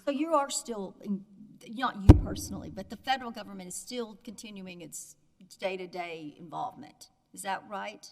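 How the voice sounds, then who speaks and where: A woman judge puts short, pointed questions to a lawyer from the bench. Her voice sits in a middle pitch, and steady noise runs under the courtroom recording. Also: normal speed.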